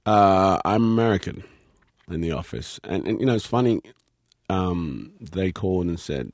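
A man's voice: sits low, measured pace, no room sound, clean studio sound. A British man, an actor, chatting as an interview guest, laughing easily and telling stories with lots of fillers. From Britain. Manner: laughs easily, relaxed storytelling with many fillers. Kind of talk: casual interview chat.

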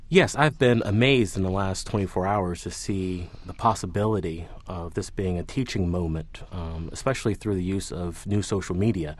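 Deep-voiced professor, measured and analytical. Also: male voice. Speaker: professor, panel guest. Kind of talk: academic commentary.

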